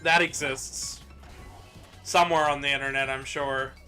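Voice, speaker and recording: A man's voice: medium pitch, steady tone, measured pace, over music. A man streaming a game, making dry, understated remarks in casual chat.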